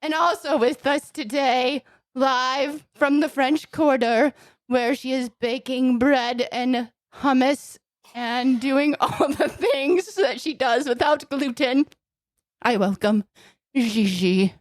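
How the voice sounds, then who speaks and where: A woman's voice: high-pitched, takes it slowly, no echo. A woman hosting a casual comedy podcast, teasing her co-hosts in a mock-grandiose, swearing manner. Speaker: podcast host.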